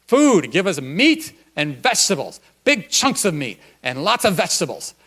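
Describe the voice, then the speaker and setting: A man's voice: on the high side, huge pitch swings, normal speed, fairly bright tone, pitched above the performer's own voice, full character voice. Man doing his wife in a sermon story: hungry, pleading, raised voice.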